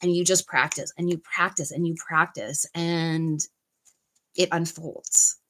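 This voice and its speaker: A woman hosting a live tarot stream, giving card readings in a soft, unhurried way with many pauses and fillers. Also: low-pitched, steady tone, rough recording. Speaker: tarot reader and channel host.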